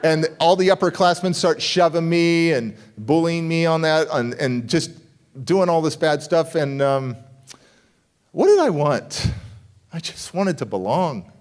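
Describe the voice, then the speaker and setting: A middle-aged man giving a motivational speech and telling a story from his youth in an animated way, acting out the voices of the people in it. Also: fairly high pitch, a little slow. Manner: animated, acts out voices in dialogue. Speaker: motivational speaker.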